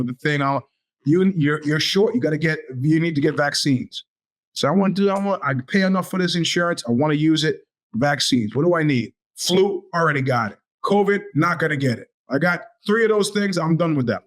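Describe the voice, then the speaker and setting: A man in his fifties tells a winding story as a podcast host. He talks in a slightly high voice and jumps into the voices of the people he quotes. The delivery is loose and animated. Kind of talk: storytelling monologue.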